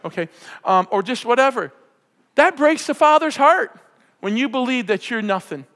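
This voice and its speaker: A man preaching a sermon, fervent and often yelling with excitement. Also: extremely high pitch, moderate pace. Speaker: pastor. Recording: preacher in a hall with long reverb.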